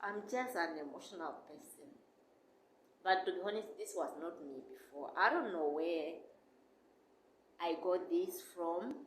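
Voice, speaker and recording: A woman's voice: fairly low pitch, lively intonation, measured pace, long pauses. Emotional rambling woman in an echoey room. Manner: emotional, rambling, talks to viewers as guys. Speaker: vlogger. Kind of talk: casual chat. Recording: echoey room with faint noise.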